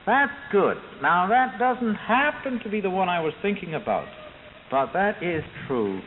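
A man telling a children's sermon in an animated, emphatic way, repeating words for stress. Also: high-pitched, a little slow. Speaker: Sunday school preacher. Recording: tinny, hissy recording with long reverb.

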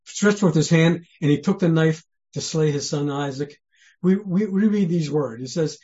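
A man's voice: on the high side, normal speed, mellow. A man preaching a sermon in an earnest, conversational way. He asks many rhetorical questions and often restarts his sentences. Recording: dull lo-fi sermon recording.

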